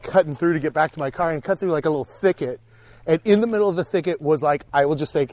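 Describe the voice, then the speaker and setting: A young man with a fairly high voice tells stories in a loose, swearing, animated way, acting out his own reactions as he walks a park trail. The sound is close and dry, with little room around it. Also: no echo. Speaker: podcast guest. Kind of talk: casual chat on a walk. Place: outdoors on a park hiking trail.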